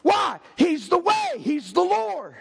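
An older man delivers a sermon from the pulpit. His voice sits strikingly high and carries a gravelly rasp, and he keeps jumping from calm explaining to fiery shouted lines. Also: takes it slowly. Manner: preaching with sudden shouted outbursts. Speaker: pastor.

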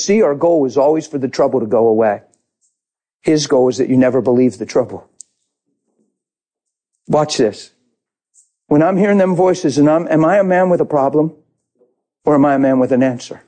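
A man's voice: mid-range voice, normal speed, pauses often, dark tone. A man preaching a sermon, telling his own story with passion and acting out his prayers.

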